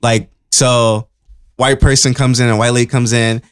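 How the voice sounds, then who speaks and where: A man's voice: medium pitch, level tone, normal speed, clear, resonant tone, no room sound, studio quality. A man co-hosting a casual podcast, telling stories in a loose, profane way full of "like" fillers. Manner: laid-back storyteller, heavy on "like" and profanity. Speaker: podcast co-host. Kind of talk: casual chat.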